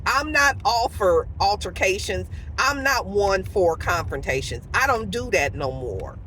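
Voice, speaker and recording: A woman telling a story in a casual vlog from her car, lively and dramatic, acting out what everyone said. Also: medium pitch, measured pace, slight background noise, poor audio. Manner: animated storytelling, acts out quotes. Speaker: vlogger.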